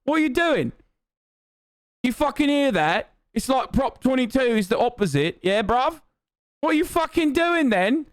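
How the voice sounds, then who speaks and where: A man's voice: extremely high pitch, big pitch swings, normal speed, dry recording, voice pushed up. A man putting on a mock British accent to play a rowdy, profane British man ranting about the news. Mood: angry ranting. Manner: profane, shouting slang.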